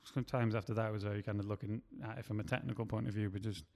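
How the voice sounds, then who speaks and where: This is a man with a lowish voice who talks through his screenwriting process in a relaxed, rambling way, often stopping to rephrase. The recording has a noticeable long reverb, as if captured in a large room. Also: racing, creaky. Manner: rambling, self-correcting. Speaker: writer and producer. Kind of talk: casual chat.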